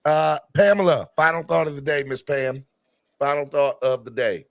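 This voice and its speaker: A man's voice: a little high, fairly even intonation, moderate pace, no echo. A man hosting a casual fan live stream, talking in a playful, teasing way. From Mississippi. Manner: playful, teasing, sometimes mock-serious. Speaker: fan show host. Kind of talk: casual chat. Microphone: video call.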